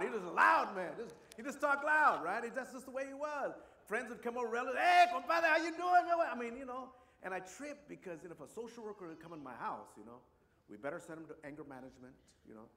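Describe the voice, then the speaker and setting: A man from Compton with a Chicano English accent, telling a personal story in a rambling way with many asides. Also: high voice. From Compton, California. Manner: warm, rambling, many asides like "you know" and "right". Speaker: speaker.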